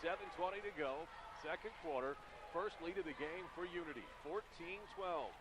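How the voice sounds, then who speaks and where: A man calling high school basketball play-by-play for radio, in brisk calls that surge louder on big plays. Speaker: play-by-play announcer. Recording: loud gym noise behind.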